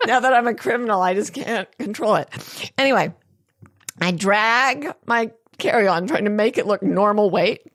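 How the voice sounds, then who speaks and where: A woman's voice: a little high, a bit bright. An older woman hosting a podcast, telling a story animatedly, laughing often and acting out other people's lines. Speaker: podcast host. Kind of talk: storytelling in casual chat.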